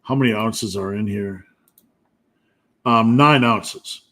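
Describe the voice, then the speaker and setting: The strength coach hosting this live stream has a lowish, slightly bright voice and speaks slowly. He takes viewer questions in a casual, joking manner, musing aloud along the way.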